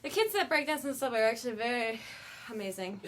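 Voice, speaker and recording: A woman with a high, bright voice hosts a live web show from a studio. She chats casually and rambles in a goofy, self-mocking way. Her jokes come in quick asides. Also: big pitch swings, a little hiss or hum. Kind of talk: casual live-stream chat.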